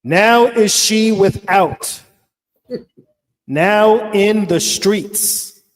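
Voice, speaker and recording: Man slowly reading scripture, reverberant hall. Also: high voice. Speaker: scripture reader.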